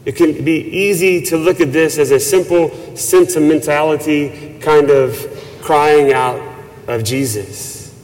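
A man preaching a sermon as a priest, slow and measured with reverent emphasis. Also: fairly high pitch, darkish tone. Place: church. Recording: long church reverb.

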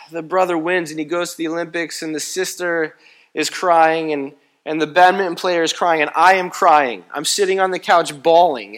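A man preaching a sermon as pastor, telling stories in a playful, animated way. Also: a little high. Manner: animated storytelling, playful and comic. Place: church.

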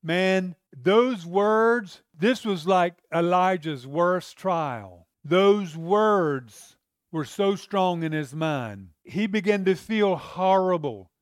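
Male preacher, high clear voice, dry close sound, fervent sermon delivery. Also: expressive, takes it slowly, dry recording. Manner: impassioned, rhetorical questions to listeners.

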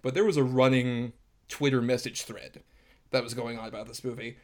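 A man's voice: mid-range voice, fairly even intonation, fairly quick. A man co-hosting a film podcast, making wry, dry quips in casual chat. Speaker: podcast co-host.

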